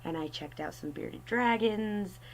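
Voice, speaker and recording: A woman's voice: mid-range voice, a little slow, a little hiss or hum, poor audio. A young woman telling a personal story in a casual, chatty way, wry and self-mocking. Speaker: artist storyteller.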